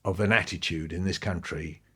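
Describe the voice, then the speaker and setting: A man, a guest in a podcast interview, telling stories in an animated way with his pitch swinging up and down. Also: normal speed, breathy edge.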